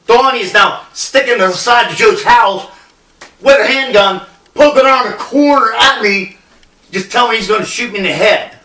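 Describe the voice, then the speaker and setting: Blunt rambling man, high bright voice, echoey. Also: moderate pace. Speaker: storyteller. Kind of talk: casual personal storytelling. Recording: echoey room, distant mic.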